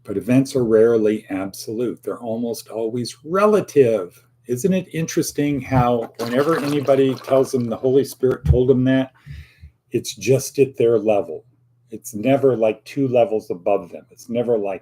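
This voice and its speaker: Medium-pitched and dark in tone, a man speaking at normal speed delivers his daily motivational monologue in a casual, rambling way. He throws in playful asides and acts out quotes as host of the show.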